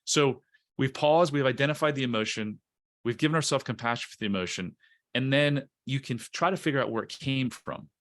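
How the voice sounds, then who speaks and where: A man's voice: mid-range voice, fairly quick, fairly bright tone. A man on a podcast interview, explaining emotional self-help in an earnest, coaching way, often restarting words. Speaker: guest, coach.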